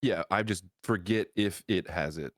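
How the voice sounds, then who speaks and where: A man's voice: sits low, moderate pace, fairly bright tone, no room sound, studio quality. A man playing a tabletop role-playing game, thinking aloud with hesitant fillers. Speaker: player. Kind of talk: casual tabletop game chat.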